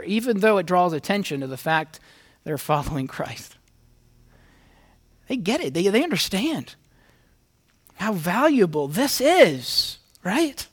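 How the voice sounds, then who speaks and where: High-voiced pastor preaching earnestly. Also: male voice, fairly bright tone. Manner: earnest, speaks straight to the congregation, reads scripture aloud with rising emphasis. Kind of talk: conversational sermon with scripture reading.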